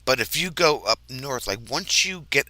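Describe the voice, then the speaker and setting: Laid-back American host, bright forceful voice, rambles in casual chat. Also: male voice, medium pitch, animated, normal speed, slight background noise. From United States, mid-Atlantic region. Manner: easygoing, rambling, laughs often.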